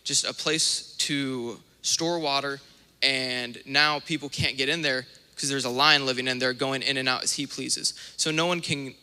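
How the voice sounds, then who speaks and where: Young male minister, sermon, bright ringing voice, animated storyteller, long church reverb. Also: mid-range voice, measured pace, clean tone. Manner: animated storytelling with acted-out asides. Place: church sanctuary.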